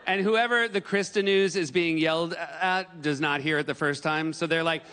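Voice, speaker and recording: Bright-voiced man doing stand-up. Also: fairly high pitch, normal speed, smooth. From New Hampshire, USA. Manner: animated, breaks into yelled impressions. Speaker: comedian. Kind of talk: stand-up comedy. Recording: stage mic in a reverberant hall.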